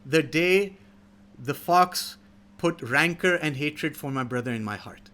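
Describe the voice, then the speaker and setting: A man's voice: on the high side, a little slow, bright, forceful tone. A man voicing a defeated male buffalo grieving a lost friend in a fable. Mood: resigned. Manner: resigned.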